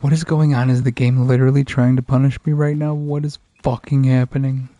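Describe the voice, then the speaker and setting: A man's voice: mid-range voice, little pitch movement, brisk, dark tone, no room sound. A man giving profane, frustrated commentary while playing a video game. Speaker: gaming streamer. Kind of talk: casual let's play commentary.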